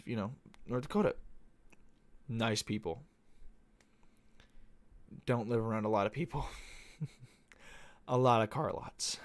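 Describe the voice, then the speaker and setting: A man's voice: mid-range voice, dry recording. A young man hosting a podcast, talking casually in a loose, profane, meandering monologue. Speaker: podcast host. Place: Arizona.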